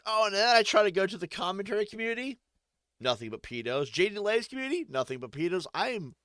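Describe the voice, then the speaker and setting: A man's voice: sits high, sing-song, quick pace, a bit bright, no echo, clean studio sound. A man giving rambling, joking, profane let's-play commentary while playing a game. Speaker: gaming streamer.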